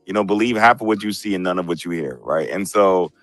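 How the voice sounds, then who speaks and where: An opinionated man hosting a loose group chat over a video call. His voice sits low, and the sound is dry and close, with faint music underneath. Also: fast, fairly bright tone, no echo. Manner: opinionated, repeats "bro" and "right". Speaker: show host.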